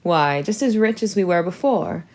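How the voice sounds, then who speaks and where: A woman's voice: on the low side, expressive, moderate pace. A woman voicing an indulgent middle-aged father in a storybook reading. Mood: calm.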